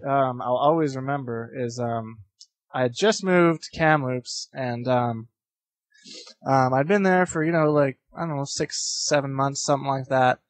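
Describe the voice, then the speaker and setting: Speaking unhurriedly at medium pitch on a dry recording, a young man in his late teens, a competitive gamer, guests on a casual interview. He rambles through stories with many fillers and restarts, laughing frequently between phrases.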